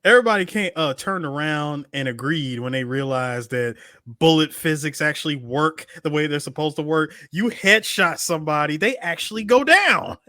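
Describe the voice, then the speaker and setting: A high male voice with a bright edge, arguing his points emphatically as a podcast co-host. His pitch jumps around a lot as he talks. The recording is dry. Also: expressive, moderate pace, dry recording. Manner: emphatic, argues points with repeated no's. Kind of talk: casual chat.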